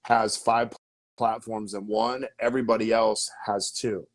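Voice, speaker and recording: A man with a fairly low voice coaches on business as an interview guest. He is energetic and emphatic and keeps checking in with his listeners as he explains his points. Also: measured pace, faint music behind. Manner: energetic and emphatic, with repeated "okay?" and "right?" checks. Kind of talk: casual teaching in an interview.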